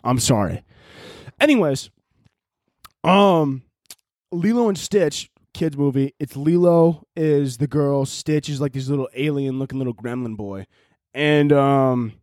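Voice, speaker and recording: A man's voice: a little high, darkish tone, dry recording, clean studio sound. A man in his twenties with a Chicago accent, ranting profanely and laughing as a solo podcast host. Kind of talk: casual solo podcast rant.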